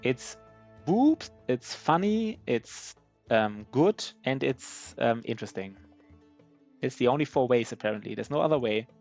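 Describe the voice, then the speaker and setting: A man's voice: mid-range voice, moderate pace, gravelly, a little mellow, faint music behind. A man with a German accent, a native German speaker, giving live gameplay commentary in a rambling, self-mocking way with many restarts. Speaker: streamer.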